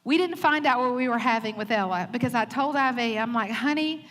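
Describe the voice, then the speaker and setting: High-voiced Southern woman sharing candidly. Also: fairly quick, fairly bright tone. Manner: candid and humorous, acts out quotes. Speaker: pastor's wife speaking at church. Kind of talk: Mother's Day sermon with personal stories.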